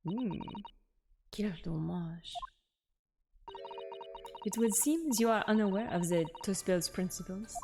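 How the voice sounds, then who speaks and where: A woman doing a proud French waxwork artisan in a put-on French accent, sly and theatrical, savouring each word as she slips in bits of French. Game music plays softly under her voice. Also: mid-range voice, expressive, slow, gravelly, long pauses. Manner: sly, dramatic, drops French words. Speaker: game character voiced by streamer.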